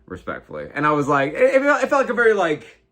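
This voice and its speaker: An American man in his twenties hosts a casual livestream, reading out viewer comments and reacting with slang and heavy swearing. His slightly high, fairly bright voice swings hugely in pitch at a quick pace.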